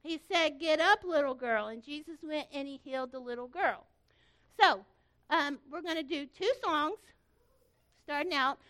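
A woman leading a children's program, running loud, cheery call-and-response songs and a simple Bible lesson. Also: sits high, normal speed.

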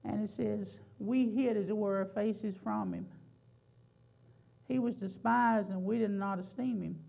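Preacher, deep fry and gravel, slow drawn-out stresses, dull lo-fi recording. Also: steady tone, darkish tone. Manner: slow, drawn-out emphasis on key words. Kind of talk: sermon.

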